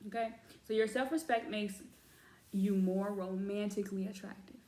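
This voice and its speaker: Woman, casual oracle card reading, chatty, talks to viewers as y'all, echoey room, mid pitch. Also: steady tone, moderate pace, dark tone. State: has cramps. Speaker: tarot reader.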